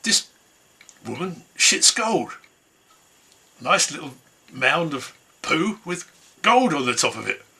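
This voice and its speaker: Brief: gawping storybook bear, slow and high, husky, a man voicing him. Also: big pitch swings, bright, forceful tone, full character voice. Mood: amazed. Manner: slow and marvelling. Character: amazed, simple-minded male bear.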